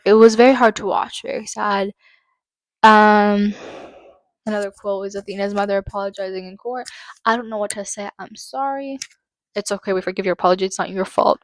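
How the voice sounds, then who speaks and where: A woman's voice: mid-range voice, no room sound. Woman, true-crime commentary, furious and foul-mouthed, stumbling over quotes, dry close sound. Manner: angry, profane, reads quotes haltingly. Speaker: channel host.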